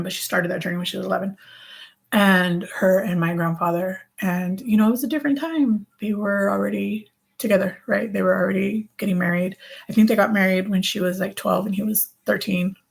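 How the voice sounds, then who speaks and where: A woman's voice: on the low side, gravelly. A woman vlogger chatting casually to her viewers, rambling and correcting herself with many fillers. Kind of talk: casual vlog chat.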